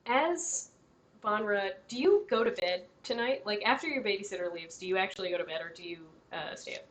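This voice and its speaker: A woman's voice: medium pitch, brisk, fairly bright tone. A young woman leads a tabletop game as its game master. She talks in a loose, chatty way and keeps dissolving into giggles. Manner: giggly, chatty, breaks into laughter.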